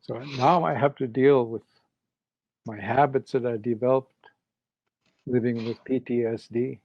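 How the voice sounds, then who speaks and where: An older man from Canada, a guest in an interview, slowly and reflectively telling a personal story and retelling what others said. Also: medium pitch, steady tone, dry recording. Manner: slow, reflective, retells quoted speech. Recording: dull lo-fi dry sound.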